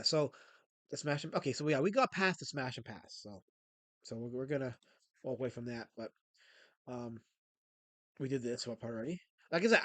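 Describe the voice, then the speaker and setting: A man's voice: on the high side, dry recording. A man with a scratchy throat, hosting a livestream and chatting, rambling and joking with viewers. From Pennsylvania. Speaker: livestream host. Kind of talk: casual livestream chat.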